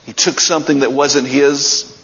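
A man's voice: mid-range voice, flat delivery, moderate pace, fairly bright tone. A man preaching a sermon, retelling scripture stories with building intensity. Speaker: pastor. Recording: dull sound with long hall reverb.

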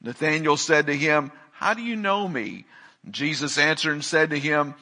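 His pitch is fairly high and his tone sharp as this pastor moves at a moderate pace through a sermon. He reads scripture aloud and prays before preaching with steadily rising emphasis.

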